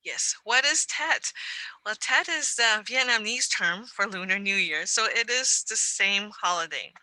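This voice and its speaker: A woman's voice: mid-range voice, pushed and bright, no room sound, rough recording. A woman, giving an educational lecture over a video call and patiently explaining. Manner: explains patiently, repeats phrases slowly for learners. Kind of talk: online lecture with Q&A.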